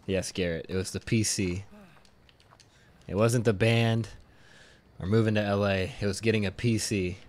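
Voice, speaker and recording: A man's voice: fairly low pitch, fairly even intonation, normal speed, long pauses, darkish tone. A man streaming a game from home, chatting casually, joking, swearing and laughing often. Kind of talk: casual live gaming stream chat. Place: home room.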